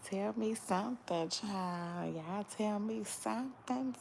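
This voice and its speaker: A woman hosting a gossip channel, chatting casually to her viewers in a hushed voice so she won't wake anyone at home. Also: mid-range voice, vocal fry, a little hiss or hum. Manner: hushed, keeps voice down to not wake others; chatty, drawn-out slang phrasing.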